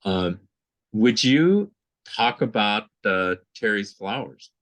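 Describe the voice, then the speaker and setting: A man hosting an interview, asking questions slowly and with hesitation. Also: lowish voice, lively intonation. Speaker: interview host.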